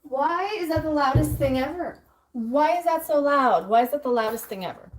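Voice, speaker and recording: A woman's voice: high-pitched, expressive, normal speed. A woman hosting a casual cooking livestream, chatting to viewers and talking herself through each step as she works. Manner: chatty, talks to herself and answers chat while cooking. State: out of breath at times. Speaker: livestream host.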